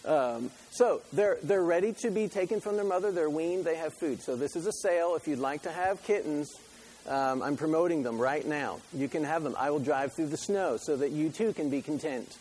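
A man's voice: on the high side, normal speed, darkish tone, slight background noise, low-quality recording. A middle-aged man preaching a sermon in a conversational, joking way, full of rhetorical questions. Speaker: pastor.

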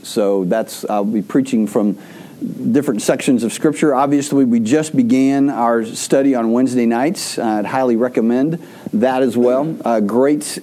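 Man, pastor, sermon, warm mellow voice, rambling, many restarts. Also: medium pitch. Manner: rambling storyteller with frequent restarts.

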